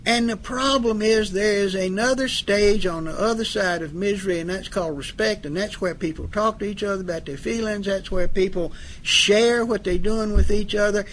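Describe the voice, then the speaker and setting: A middle-aged man with a fairly high voice tells stories to a live audience in a folksy, joking way. He acts out both sides of a couple's arguments. A faint hiss of background noise sits under his voice. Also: moderate pace, hardly any pauses, fairly bright tone. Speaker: speaker on addiction recovery. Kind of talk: storytelling talk to an audience.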